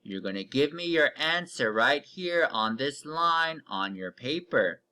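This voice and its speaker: Male reading teacher for young kids, slightly high voice, drawn-out phonics modeling. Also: expressive, bright, forceful tone. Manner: slow, stretched-out modeling of words with patient step-by-step cues. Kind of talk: recorded online reading lesson for young children.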